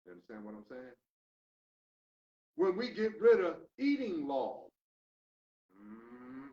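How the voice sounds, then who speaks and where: An older man teaching a recovery class, lecturing in a preachy way and swinging between loud emphatic questions and low mutters. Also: sing-song, takes it slowly. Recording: roomy, distant, dull lo-fi room recording.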